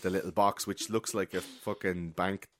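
A man's voice: low-pitched, normal speed, dry recording, clean studio sound. A man casually retelling a film plot, acting out the characters and adding sound effects as he goes. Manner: animated storyteller, acts out characters with sound effects; swears casually. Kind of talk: casual podcast chat recapping a film.

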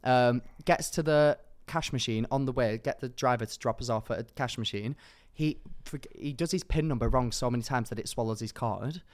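A man's voice: mid-range voice, a little fast. A young man from England co-hosting a podcast, telling a story animatedly and acting out what people said. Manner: animated anecdote-telling, acting out quoted lines. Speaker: podcast co-host. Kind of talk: casual storytelling chat.

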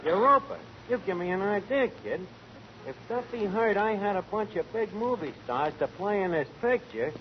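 Wisecracking scheming tavern manager, lively highish voice, dull 1940s broadcast. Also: male voice, normal speed, background noise. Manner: brash wisecracking with malapropisms. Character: brash, scheming bar manager. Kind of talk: 1940s radio sitcom acting.

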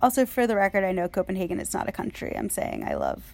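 Casting: young woman, casual chat, lively, quick storyteller. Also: medium pitch, vocal fry. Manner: animated storyteller, quick and chatty.

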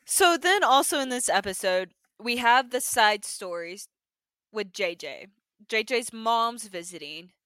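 Bright, high-pitched young woman storyteller. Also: a little slow, clean tone, dry recording. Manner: animated storyteller, heavy use of "like". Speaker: podcast co-host. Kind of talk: casual chat recapping a TV episode.

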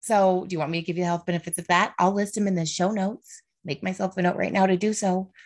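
A woman in her thirties talks fast in a lowish, steady voice as the host of a casual solo podcast. Earnest and heartfelt, she discusses faith and feelings openly, often checking in with "right?" and "okay."

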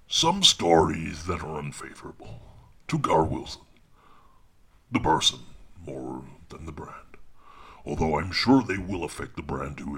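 Deep gravelly guy, slow and kinda husky, awkward defensive rambling. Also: bright, forceful tone. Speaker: audiobook narrator. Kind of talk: deadpan comedy monologue.

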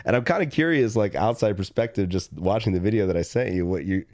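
A man co-hosting a podcast, telling a story in casual chat, animated, acting out dialogue with lots of fillers. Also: on the low side, quick pace, no echo, clean studio sound. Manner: animated, acts out quoted dialogue, frequent fillers. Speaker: podcast co-host.

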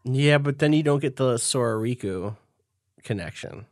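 A podcast co-host chatting casually, riffing quickly with jokes. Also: mid-range voice, a little mellow, no echo, studio quality.

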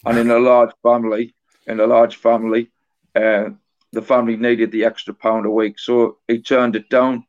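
A middle-aged man, an author appearing as a guest on a casual podcast, recalls stories in a halting, anecdotal way. His low voice stays flat and even, with little rise or fall, and the audio sounds slightly dull and lo-fi.

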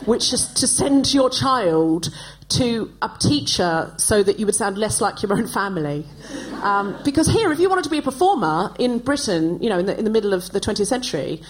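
A woman's voice: fairly high pitch, rough recording. A woman in her forties from Australia, hosting a podcast on a live stage and delivering a stand-up comedy monologue with wry, self-mocking timing. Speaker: podcast host. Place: live stage before an audience.

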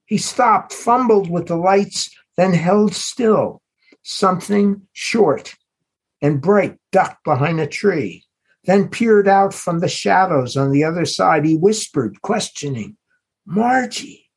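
Male author-narrator, unhurried literary reading, slightly husky tone. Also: high voice. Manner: measured, unhurried storytelling. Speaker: author reading his novel.

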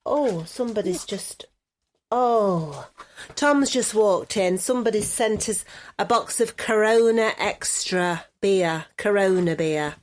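A woman's voice: mid-range voice, slow. Chatty woman podcast co-host. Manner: chatty, rambling, laughs easily. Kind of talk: casual chat.

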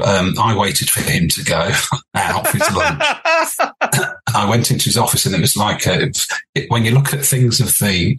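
An older English man, a podcast guest, telling animated anecdotes with laughs and restarts. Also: on the low side, rough recording. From England. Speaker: podcast guest, former band leader. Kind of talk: storytelling interview.

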